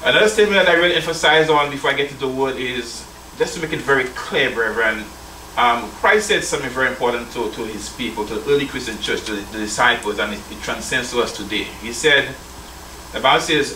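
A man's voice: medium pitch, animated, fast talker, bright, forceful tone, slight background noise. A male church elder preaching a sermon, reading scripture aloud and calling his listeners brethren while prompting their answers. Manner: addresses listeners as brethren, asks call-and-response questions. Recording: roomy sound from a distant mic.

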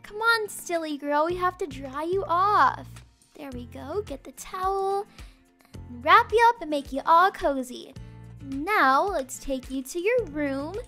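A young woman narrating a game roleplay as a mom, animated and chatty, switching between baby talk and casual asides. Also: extremely high pitch, a little slow, soft background music. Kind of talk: playful game roleplay with live commentary.

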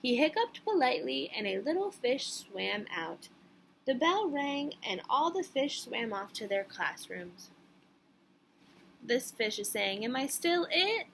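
A woman's voice: a little high, sing-song, measured pace, a little hiss or hum. A woman preschool teacher reading a picture book aloud to young children, stopping to ask them questions.

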